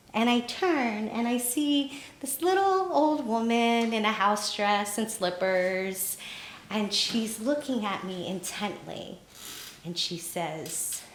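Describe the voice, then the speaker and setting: A woman telling a personal story live, animated and laughing through the telling. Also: a little high, takes it slowly. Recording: roomy echo.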